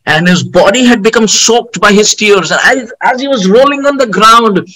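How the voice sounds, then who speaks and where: A man giving a devotional sermon, telling stories in an animated way, with outbursts and frequent laughter. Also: sits high, normal speed, low-quality recording. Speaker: spiritual teacher.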